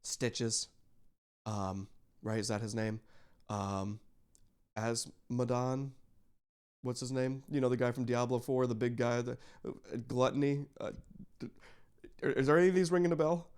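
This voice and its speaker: A man's voice: mid-range voice, steady tone, unhurried, long pauses, a little mellow, clean tone. A man reacting to a video, chatting casually with lots of fillers, swearing and restarts. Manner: rambling, swears often, frequent fillers.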